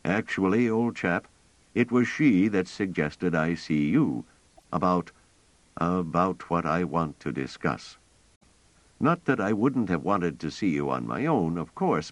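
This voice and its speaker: A man voicing a fussy, gentle elderly male scholar who rambles and talks hesitantly. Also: low-pitched, big pitch swings, unhurried, no room sound, poor audio. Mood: earnest. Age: older. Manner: hesitant, wordy, polite.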